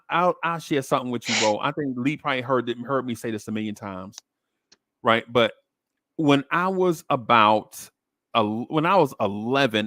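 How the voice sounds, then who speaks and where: A man casually telling a long childhood story on a podcast, animating it with quick jumps into high voices for the people he quotes. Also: fairly bright tone, no echo, clean studio sound.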